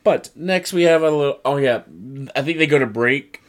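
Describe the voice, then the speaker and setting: Animated man recapping wrestling. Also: on the high side. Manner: animated, mimics wrestlers in quick put-on voices. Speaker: podcast co-host. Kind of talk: casual wrestling recap chat.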